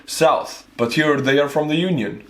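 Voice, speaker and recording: A man's voice: on the high side, moderate pace, echoey room, a little hiss or hum. A man with an Estonian accent, a native Estonian speaker, joking his way through a casual reaction commentary as a YouTuber. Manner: playful, jokey, stumbles over names.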